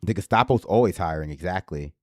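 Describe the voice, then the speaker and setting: Male livestream host, slight lisp, low voice, dry close sound, sarcastic rambling commentary. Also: lively intonation, a little fast, no echo. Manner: rambling, sarcastic, swears freely. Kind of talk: casual political commentary.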